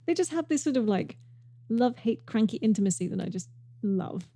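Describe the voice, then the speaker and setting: A woman's voice: on the high side, lively intonation, fairly quick, dark tone, dry recording, studio quality. A woman co-hosting a podcast, chatting and quoting favorite lines from a TV episode. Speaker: podcast co-host. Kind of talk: casual chat about a TV episode.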